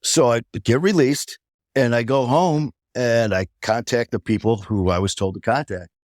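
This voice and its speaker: A man's voice: medium pitch, moderate pace, no room sound, clean studio sound. A man, a podcast guest, telling a personal recovery story and acting out the dialogue of the people in it.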